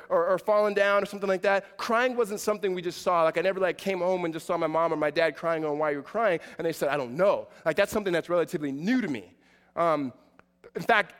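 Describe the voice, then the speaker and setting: High-voiced man preaching in an echoey hall. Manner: conversational, many fillers and restarts, swings between loud and quiet. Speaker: pastor. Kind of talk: sermon.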